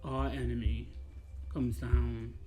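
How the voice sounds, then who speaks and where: A man playing an earnest male adventurer who bargains with an enemy in a measured, pleading way. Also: mid-range voice, flat delivery, over music, lightly acted. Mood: imploring.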